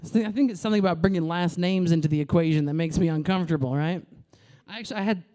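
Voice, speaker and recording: A woman's voice: on the low side, racing. A woman comedian in her thirties, originally from New York, doing a brash, crude stand-up routine into a stage mic. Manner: brash, crude, animated punchlines.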